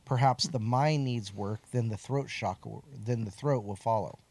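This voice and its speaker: A man's voice: medium pitch, moderate pace, a little mellow. A man co-hosting a casual livestream, reading out viewer questions and cracking jokes. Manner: joking, reads out viewer questions.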